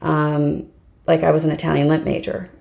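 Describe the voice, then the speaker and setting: A middle-aged woman with a low, heavily gravelly voice, talking as a podcast guest. She tells her story casually, filling her talk with "like" and "um". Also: little pitch movement, moderate pace, warm tone. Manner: chatty, story-driven, lots of "like" and "um". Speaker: podcast guest, fundraising professional.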